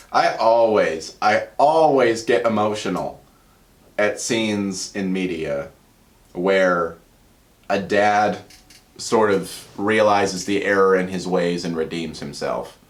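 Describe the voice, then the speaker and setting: A man talking casually to camera about comedy sketches he loves, earnest and rambling, going soft and quiet in emotional moments. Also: deep voice, takes it slowly, pauses often. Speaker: YouTuber. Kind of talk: casual commentary vlog.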